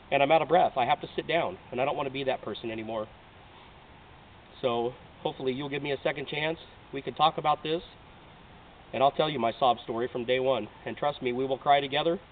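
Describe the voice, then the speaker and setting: In his heartfelt audition video, a late-thirties Oregon man applying for a reality show pleads with earnest emotion. His pitch is fairly high, and the distant mic gives the recording a tinny, lo-fi quality with a faint hiss.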